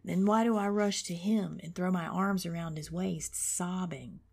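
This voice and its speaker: Woman author reading her memoir, husky and dark, reflective and hushed. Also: lowish voice, steady tone, a little slow. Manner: reflective, often dropping to a whisper.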